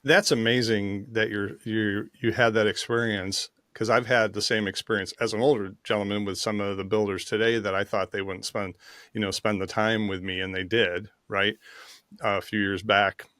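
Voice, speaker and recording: A man's voice: on the low side, little pitch movement, moderate pace, sharp tone, no room sound, studio quality. A man hosting a podcast, asking questions in an easygoing way with lots of fillers. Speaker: podcast host. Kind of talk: casual interview chat.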